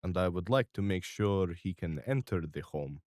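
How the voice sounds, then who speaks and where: A man's voice: sits low, lively intonation, moderate pace, a little mellow, no echo, clean studio sound. A man voicing a hulking one-eyed bodyguard who speaks politely and in a businesslike way.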